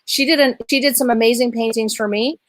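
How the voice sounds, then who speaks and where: A woman's voice: on the high side, steady tone, fairly quick, dry recording. A woman hosting an online interview, effusive and emotional. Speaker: host. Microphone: video call.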